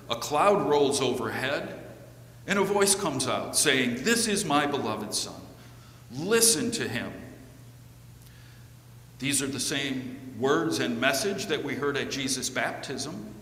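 A man preaching a sermon in a measured way, with the odd filler. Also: medium pitch, a bit bright. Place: church sanctuary. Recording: echoey church with long reverb, faint hum.

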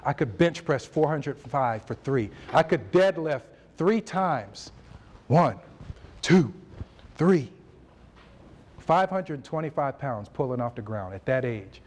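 A man in his forties giving a motivational speech at a university event, telling his story with animated delivery and acting out conversations. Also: medium pitch, measured pace, hardly any pauses. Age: 40s. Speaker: motivational speaker.

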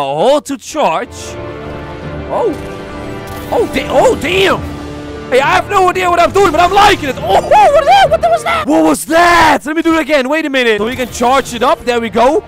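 A man commentating his own gameplay in a casual, excitable way, trash-talking and jumping between loud outbursts and hushed pleading. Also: very high-pitched. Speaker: gaming streamer.

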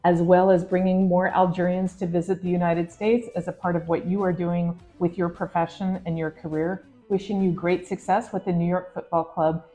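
A woman interviewer with a low-set, mellow voice, upbeat and welcoming. She asks her questions in a friendly, scripted manner. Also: level tone, moderate pace, few pauses, soft background music. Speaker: diplomat interviewing a guest.

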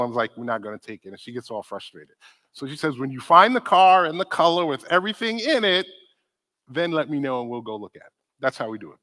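A man giving a conference talk on church ministry, conversational and animated, often asking the audience questions. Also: mid-range voice. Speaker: conference speaker on disability ministry. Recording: long hall reverb.

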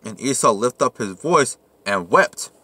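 Young man, bright sharp voice, halting scripture reading, casual slangy commentary. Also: medium pitch, expressive, slightly rough. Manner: reads archaic verses haltingly with slips, then comments in slang. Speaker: Bible teacher.

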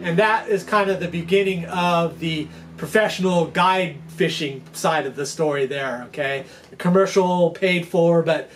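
A man's voice: on the high side, a little slow, hardly any pauses, slight background noise. A man hosting a fishing channel, telling history as a casual, rambling lesson and checking in with his listeners. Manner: chatty, rambling, checks in with "okay?". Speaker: fishing guide and channel host.

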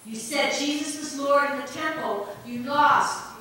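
A woman pastor preaching a sermon earnestly, swinging between emphatic lines and hushed ones. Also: sits high, unhurried, slight background noise. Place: church sanctuary. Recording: echoey church hall from far off.

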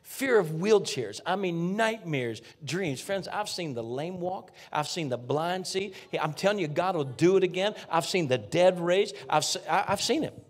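A man preaching a fervent sermon as a guest pastor in a church, talking folksy and straight to the congregation, dropping to hushed whispers and rising to near shouts. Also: sits high, animated, normal speed, hardly any pauses, husky. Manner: folksy, addresses congregation directly. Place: church sanctuary.

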